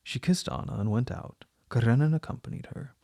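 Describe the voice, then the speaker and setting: Gravelly-voiced male audiobook narrator. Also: mid-range voice, brisk, dark tone, dry recording, clean studio sound. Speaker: audiobook reader.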